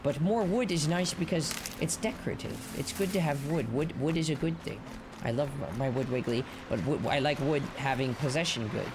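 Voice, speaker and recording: A man streaming a video game live, playful and goofy, chanting silly lines and shouting at the game. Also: on the high side, moderate pace, noisy background. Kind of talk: live-stream gameplay commentary. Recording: game music playing behind.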